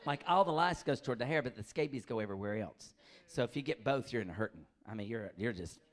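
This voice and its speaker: Middle-aged male stand-up comic, lively storyteller who acts out characters. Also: medium pitch, fast. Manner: animated storytelling, acts out voices, laughs often. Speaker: stand-up comedian. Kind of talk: stand-up comedy set.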